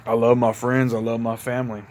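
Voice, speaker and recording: This vlogger is a Southern-accented man from Mississippi, sitting out in his backyard after dark and talking to his phone camera with a couple of beers in him. His mid-range voice stays fairly level in pitch, runs a little fast, and has a darkish tone over a faint hiss or hum. He rambles in a relaxed way and keeps addressing everyone as y'all.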